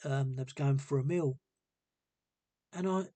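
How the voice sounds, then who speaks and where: A man tells a personal story in a loose, rambling monologue, circling back and repeating himself with earnest feeling. His voice is husky and slightly breathy, recorded close and dry with no room sound. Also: medium pitch, a little slow, pauses often, warm tone, no echo. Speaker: vlogger telling a personal story.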